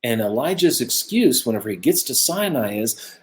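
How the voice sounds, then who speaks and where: A man co-hosting a casual Bible study talk, earnest and musing, growing animated when he makes a point. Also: medium pitch, moderate pace. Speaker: co-host of a religious discussion show. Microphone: own camera close by, video stream.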